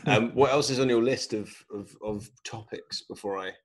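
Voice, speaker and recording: A man's voice: lowish voice, normal speed. A man hosting a casual chat, teasing his guest and repeating words as he asks questions.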